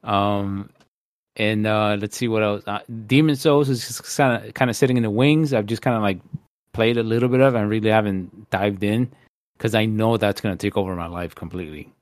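A man's voice: fairly low pitch, a little fast, no echo. A man in a casual chat about video games, eager and loose, swearing and calling people dude. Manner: enthusiastic, swears, says dude.

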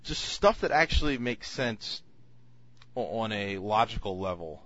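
A man's voice: fairly low pitch, animated, unhurried, a bit bright, highs cut off. A man co-hosting a casual podcast chat, reviewing films in a rambling way with many fillers and restarts.

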